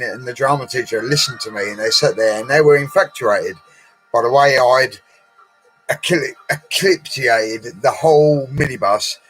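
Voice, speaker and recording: A man's voice: mid-range voice, a bit bright, low-quality recording. A middle-aged man, rambling through a casual live stream with laddish banter and frequent laughter. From Colchester, England. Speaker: livestream host.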